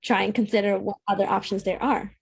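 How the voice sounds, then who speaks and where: A woman's voice: medium pitch, flat delivery, quick pace, creaky, husky. A woman who founded a shop, speaking as an interview guest and earnestly making her case. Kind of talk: casual interview chat.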